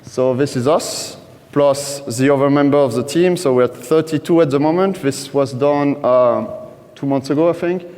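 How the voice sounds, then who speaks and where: A man with a French accent giving a conference presentation, halting and full of fillers and restarts. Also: medium pitch, a little mellow. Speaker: conference speaker. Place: conference stage. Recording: large hall reverb.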